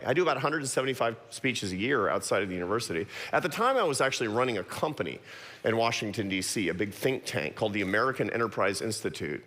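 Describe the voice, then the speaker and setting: A middle-aged man giving a talk to an audience, telling a personal story with quick self-deprecating asides. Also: mid-range voice, pushed and bright. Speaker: guest speaker. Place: large church auditorium. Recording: long hall reverb.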